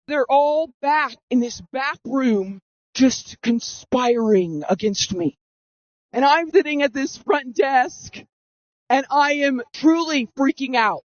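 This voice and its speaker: Woman, around thirty, high voice, earnest dramatic storytelling, voice-masking filter, dull dry recording. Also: darkish tone, no echo. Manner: earnest, dramatic, re-enacting her own past reactions. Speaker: storyteller giving personal testimony. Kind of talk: first-person storytelling.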